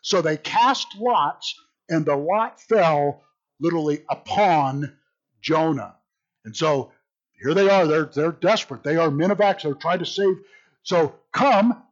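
Animated, joking male Bible teacher with a somewhat high voice, repeats himself mid-thought, muffled lo-fi sound. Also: measured pace. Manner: animated, jokey, repeats words while thinking. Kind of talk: informal Bible study teaching.

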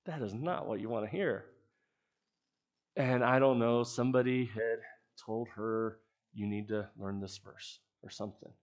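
A middle-aged man preaching a sermon, telling stories in an earnest way that often trails off softly. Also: fairly low pitch, measured pace, highs cut off. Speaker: pastor.

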